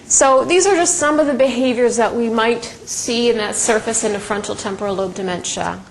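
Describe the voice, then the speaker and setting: A woman's voice: a little high, moderate pace, vocal fry, a little hiss or hum, rough recording. A middle-aged woman giving a conversational lecture presentation, telling stories with frequent ums and restarts. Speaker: presenter and educator.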